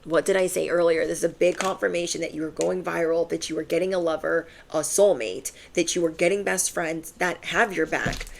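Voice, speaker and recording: A woman's voice: on the low side, fairly even intonation, fairly quick, vocal fry, hardly any pauses. A young adult woman giving a channeled tarot reading to her viewers, casual and emphatic, full of slang and fillers. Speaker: tarot reader.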